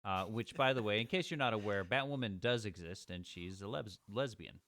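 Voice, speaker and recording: A man co-hosting a comedic podcast, reading listener comments aloud in a sardonic, deadpan way. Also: lowish voice, fairly quick. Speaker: podcast co-host.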